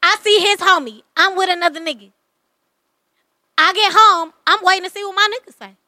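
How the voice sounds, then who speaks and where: A woman's voice: extremely high pitch, brisk, sharp tone, dry recording, clean studio sound. A woman in her late thirties arguing her side in a casual podcast debate, insistent and emphatic. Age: 30s.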